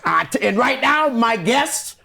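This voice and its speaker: Gravelly high-voiced podcast host. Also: male voice, sing-song, a little slow, pushed and bright. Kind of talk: casual podcast chat.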